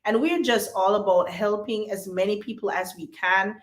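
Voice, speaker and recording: Hoarse bubbly woman from Jamaica. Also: mid-range voice, fairly even intonation, moderate pace, roomy sound. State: hoarse from losing her voice. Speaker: guest entrepreneur. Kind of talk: casual chat.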